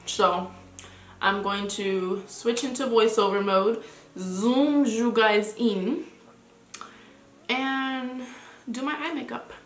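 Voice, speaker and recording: A woman's voice: on the high side, fairly bright tone, reverberant. A woman doing a casual, chatty makeup tutorial, rambling with lots of filler words as she talks through each step. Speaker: beauty vlogger.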